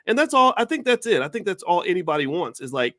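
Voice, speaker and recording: A man's voice: sits high, big pitch swings, quick pace, fairly bright tone, no room sound, clean studio sound. Opinionated man lecturing on a call. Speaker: guest commentator. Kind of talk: casual video-call conversation.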